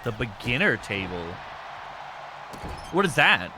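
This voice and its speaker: A man hosting a livestream, chatting casually with viewers. He jokes, swears often and breaks into sudden shouts. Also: mid-range voice, slow, crowd noise, noisy background. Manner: excitable, joking, swears a lot, bursts into shouts. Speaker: streamer host of a wrestling show.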